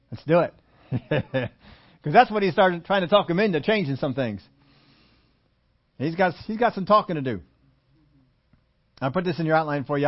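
A man preaching a sermon, slowing down and stressing key phrases and repeating points for his listeners to note down, now and then chuckling at his own jokes. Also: sits high. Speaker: pastor. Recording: dull lo-fi sermon audio.

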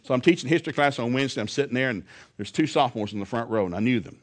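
Man, preacher, storytelling sermon, lively pitch, acts out quotes. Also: racing. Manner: animated, acts out quotes loudly. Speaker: preacher and former school teacher.

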